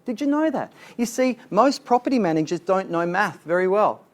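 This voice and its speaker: A man giving an animated, chatty training seminar as a sales trainer. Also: high voice, normal speed. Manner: animated, chatty, laughs at his own jokes.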